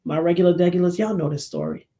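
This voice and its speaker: A woman's voice: on the low side, fast talker. A middle-aged woman hosting her own show, talking with preacher-like emphasis and acting out quotes. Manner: animated preacherly, acts out quotes. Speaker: show host. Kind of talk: casual commentary monologue.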